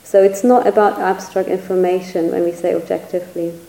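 A woman's voice: fairly low pitch, level tone, fairly quick, creaky, dark tone, echoey room, poor audio. A woman teacher giving a reflective Buddhist dharma talk, searching for words and hedging often as she speaks. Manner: reflective, searching, hedges with "sort of".

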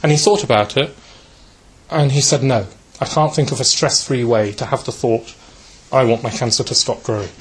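Man, spiritual talk, gentle storytelling, mid pitch, uh fillers, asks yeah. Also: normal speed. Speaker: speaker giving a talk.

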